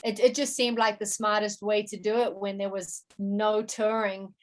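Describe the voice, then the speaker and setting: A woman's voice: medium pitch, flat delivery. A woman musician and producer chatting in an interview, often restarting her sentences with fillers. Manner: halting, many restarts and fillers. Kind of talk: casual interview chat.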